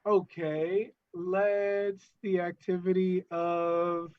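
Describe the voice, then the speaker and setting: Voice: medium pitch, level tone, very slow. An improv show stage manager, hesitant and filler-heavy, calling the suggestion and timing scenes. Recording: dull lo-fi audio.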